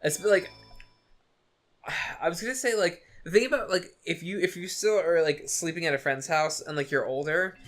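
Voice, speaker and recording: A young man co-hosting a let's play, chatty and animated, saying dude and like a lot. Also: a little high, normal speed. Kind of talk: casual gameplay chat. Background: game music.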